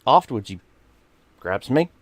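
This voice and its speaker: A middle-aged London streamer's mid-range voice comes through at a normal speed with no room sound. He casually tells a story in an animated way, swearing freely and imitating what others said.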